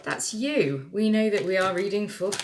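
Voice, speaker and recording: A woman's voice: medium pitch, lively intonation, moderate pace, noisy background. A woman giving a casual tarot reading, chatty and irreverent, swearing freely as she talks through the cards. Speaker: tarot reader.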